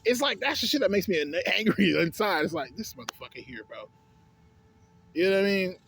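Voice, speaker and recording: A man's voice: high-pitched, lively intonation, fairly quick, gravelly, a bit bright, a little hiss or hum. A young adult man telling a story in a casual, profane rant, exasperated and breaking into laughter between complaints.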